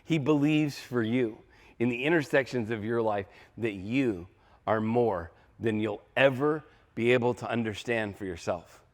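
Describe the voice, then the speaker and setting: A man's voice: mid-range voice, measured pace. A male pastor preaching a sermon in a conversational, emphatic style, repeating key phrases for effect.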